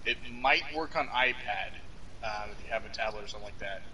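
A man's voice: lowish voice, brisk, sharp tone, slight background noise, rough recording. A man co-hosting a live stream from his basement, chatting casually, laughing a lot and reading out chat messages. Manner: laughs often, reads out chat. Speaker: streamer co-host. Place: home basement.

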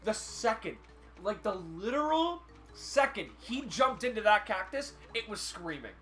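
Bright-voiced young man telling stories. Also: high voice, a little slow, faint music behind. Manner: animated storyteller, swears freely, heavy use of "like". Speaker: podcast co-host. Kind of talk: casual podcast chat.

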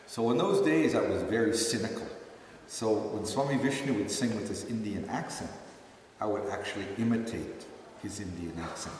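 A man who used to be ashram staff tells a group relaxed, self-mocking stories, with plenty of fillers. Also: fairly low pitch, moderate pace, a little hiss or hum. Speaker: former ashram staff member leading chanting. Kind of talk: storytelling talk to a group. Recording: echoey hall, distant mic.

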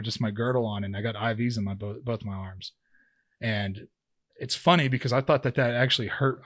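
A man in his thirties, a former pro football player and podcast guest, tells a long story in a loose, rambling way, full of fillers and restarts. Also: mid-range voice. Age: 30s. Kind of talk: casual storytelling in an interview.

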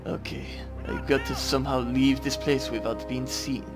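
A young man giving excitable, sweary let's-play commentary over a game. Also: mid-range voice, moderate pace. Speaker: gaming YouTuber. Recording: game music behind the voice.

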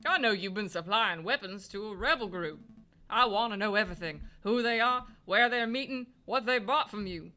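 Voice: mid-range voice, expressive, normal speed, bright, forceful tone. A player voicing a hot-tempered male falcon lawyer who snaps back indignantly. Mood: scheming. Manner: indignant, snappy.

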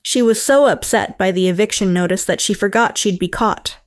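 A woman's voice: medium pitch, normal speed, dry recording. Woman narrator for a story channel, matter-of-fact, dry close sound. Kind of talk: first-person story narration.

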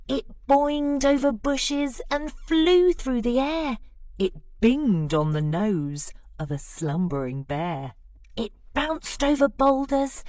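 A woman reads a rhyming children's storybook aloud, unhurried and very slow, her pitch leaping up and down as she dramatizes each line. The sound is close and dry, with no room around it. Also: dry recording. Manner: lively, expressive rhyming narration. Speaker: storybook reader.

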